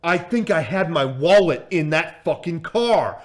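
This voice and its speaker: A man's voice: a little high, animated, takes it slowly, voice pushed up. A man doing a raging drunk boxing promoter. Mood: furious. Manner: swearing, ranting loudly. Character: drunk furious middle-aged male boxing promoter.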